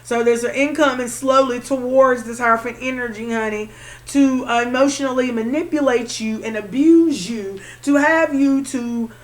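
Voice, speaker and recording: A woman's voice: fairly high pitch, normal speed. A woman doing a tarot card reading for her viewers, calling the listener honey and repeating her phrases. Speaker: tarot reader.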